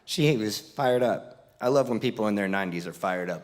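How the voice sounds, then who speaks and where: A man introducing a speaker at an awards ceremony with lively, animated storytelling. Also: fairly low pitch, normal speed. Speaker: ceremony emcee.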